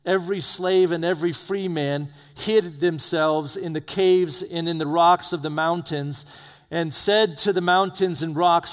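A man preaching an evening sermon, swinging between loud urgent peaks and low hushed warnings. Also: steady tone, unhurried. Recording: long reverb of a hall.

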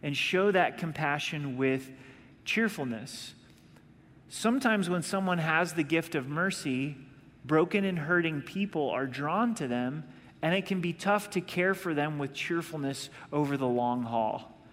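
A man's voice: fairly high pitch, expressive, unhurried, fairly bright tone. A male pastor preaching a sermon in a casual, conversational way, acting out little asides. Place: church sanctuary. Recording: long reverb of a large hall.

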